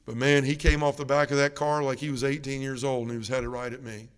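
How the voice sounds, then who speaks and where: A man's voice: flat delivery, quick pace, smooth. Earnest man testifying in a church. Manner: earnest, emotional storytelling that drops soft and low in heavy moments. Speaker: guest speaker at a parish mission. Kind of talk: personal faith testimony. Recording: reverberant church sanctuary.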